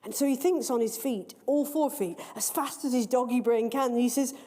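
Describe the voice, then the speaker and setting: A woman reads her own story aloud at a live event, expressive and measured. Her voice is mellow and somewhat high. The long reverb of a large library hall trails each phrase. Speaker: author reading her story.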